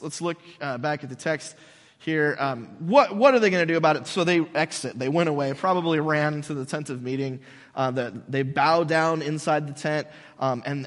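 A man preaching a casual, animated sermon, telling stories conversationally. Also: fairly high pitch. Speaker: pastor. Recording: long hall reverb.

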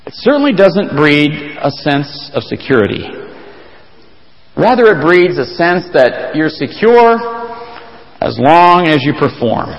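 A man preaching a sermon as a pastor, earnest and emphatic, his pitch leaping up to stress a point. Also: big pitch swings, slow, in a large hall, lo-fi sound.

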